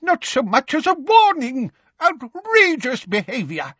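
A man's voice: very high-pitched, wildly swooping pitch, unhurried, pushed and bright, dry recording, dull audio, voice pushed up, full character voice. A man voicing a flustered elderly male wizard examiner who splutters and then speaks feebly. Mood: outraged.

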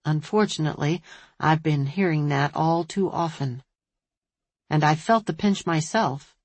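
A woman voicing an earnest, persuasive businesslike man in an audiobook, with a low, husky voice. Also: measured pace, no echo.

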